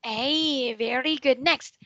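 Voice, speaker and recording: A woman teaches English over a video call with a high, bright voice. She speaks slowly, patiently repeating words for the student to copy. The sound is close and dry. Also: no room sound, highs cut off. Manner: patient, drills pronunciation with slow repetitions. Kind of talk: online one-to-one tutoring.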